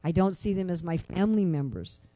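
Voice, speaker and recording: Woman, scripture class lecture, conversational, rhetorical questions, mellow voice. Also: fairly low pitch, a little fast. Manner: conversational, many "you know" fillers; animated storytelling with rhetorical questions.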